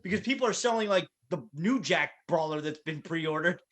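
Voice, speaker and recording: A man's voice: on the high side, lively intonation, fairly quick, a bit bright. A man hosting a casual podcast, chatty and wry with lots of fillers. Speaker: podcast host.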